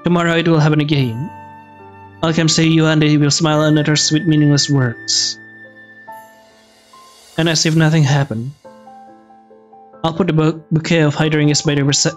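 Man reading a game's text aloud. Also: fairly high pitch. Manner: reads the game text aloud, stumbling and restarting words. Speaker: let's play gamer. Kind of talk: reading a visual novel aloud with commentary.

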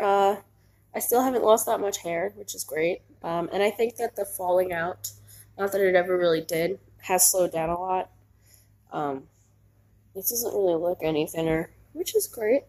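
A young woman vlogging with a stuffy, nasal sound from a cold. Her voice is mellow and a little husky, and she rambles through a casual update with plenty of ums and likes. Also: mid-range voice. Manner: rambling, lots of ums and likes, laughs easily. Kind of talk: casual chat.

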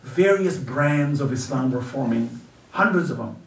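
A man giving an earnest storytelling religious lecture at a community celebration, dropping low and soft whenever he quotes someone. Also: lively intonation, a little slow. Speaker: guest speaker at a religious celebration. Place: community center hall at an event. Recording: echoey hall picked up from far off.

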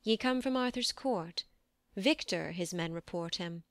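A woman's voice: lowish voice, unhurried, no room sound, studio quality. A woman reading a doubting old king. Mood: troubled. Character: aging king, doubtful and worried.

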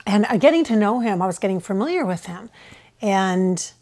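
A woman's voice: medium pitch, animated, moderate pace, a little mellow. An American woman talking casually to camera in a rambling, hesitant way, often restarting her sentences. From United States. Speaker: channeler. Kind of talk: casual spoken reflection to camera. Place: at home with her husband filming.

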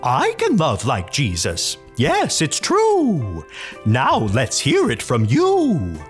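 A woman voicing a friendly owl storyteller who speaks in slow, sing-song rhymes for a children's church puppet show. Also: sits low, wildly swooping pitch, faint music behind, exaggerated voice. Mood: gentle.

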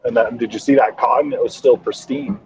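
A man's voice: mid-range voice, very animated, brisk. A man chatting casually on a show, laid-back and self-deprecating, hedging often. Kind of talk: casual chat. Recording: dull lo-fi line with clear hiss.

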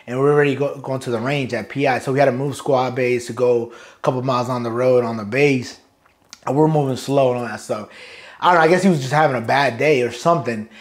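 A Marine sergeant major from Brooklyn, New York, tells loose, profane boot camp stories in a casual interview, laughing often. He talks fast in a steady, medium-pitched voice.

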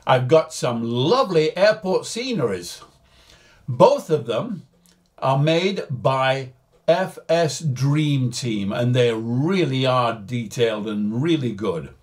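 A man's voice: medium pitch, expressive, takes it slowly, a little mellow. An older man hosting his flight simulator videos, chatting in a cheerful, jokey way straight to his viewers. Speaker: flight sim video host. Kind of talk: casual chat to camera.

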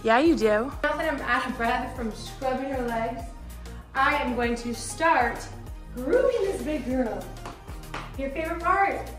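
A young woman with a slightly high voice chats her way through a horse-grooming vlog. She talks to the camera and coos at the animals beside her. Soft music runs faintly under her voice. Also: measured pace. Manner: chatty, talks to her horses in a bright coaxing voice. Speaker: vlogger and horse owner. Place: outdoors and in a barn with horses.

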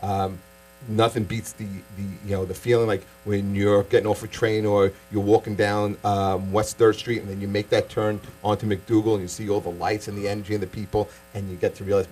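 A stand-up comic from Staten Island, delivering a punchy set with quick asides, then chatting casually in an interview. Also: male voice, fairly low pitch, level tone, darkish tone, a little hiss or hum, poor audio. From Staten Island, New York.

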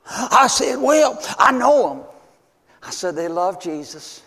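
Older man in his seventies, folksy preacher, high-pitched, stammers and whoops, sermon in a reverberant church. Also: big pitch swings, a little slow, bright, forceful tone, breathy edge. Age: 70s. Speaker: visiting missions preacher. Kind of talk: storytelling sermon. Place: church sanctuary.

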